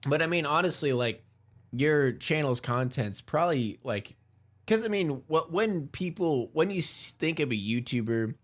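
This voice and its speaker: A man's voice: on the high side, animated, normal speed. A man co-hosting a casual podcast, rambling enthusiastically with lots of restarts. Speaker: podcast co-host. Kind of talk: casual chat.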